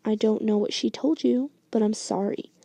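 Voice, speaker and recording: A woman voicing an apologetic young man who pleads gently, as a whispered story reading. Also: a little high, fairly even intonation, moderate pace, vocal fry, no echo. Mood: pleading.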